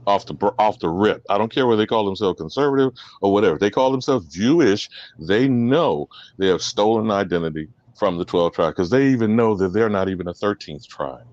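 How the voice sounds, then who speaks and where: A man giving impassioned commentary, preachy and emphatic, his voice swinging from loud to soft. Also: fairly low pitch, expressive, brisk, few pauses, no echo, lo-fi sound.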